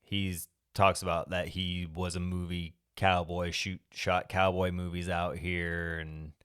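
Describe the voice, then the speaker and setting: A man with a very low voice, clear and resonant, casually talking through a movie's plot on a podcast. He rambles from scene to scene and swears freely. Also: flat delivery, measured pace, fairly bright tone. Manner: rambling retelling with profanity. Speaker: podcast co-host. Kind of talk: casual movie recap chat.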